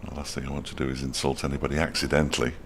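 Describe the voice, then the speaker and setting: Very deep-voiced wry cricket commentator man. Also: level tone, rapid-fire, a little hiss or hum. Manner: dry, wry asides between deliveries. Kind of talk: radio ball-by-ball commentary.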